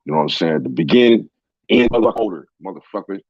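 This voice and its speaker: A man's voice: low-pitched, expressive, fast talker, a little mellow, no room sound. A man commenting on sports in a heated, profane casual rant. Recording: dull lo-fi sound.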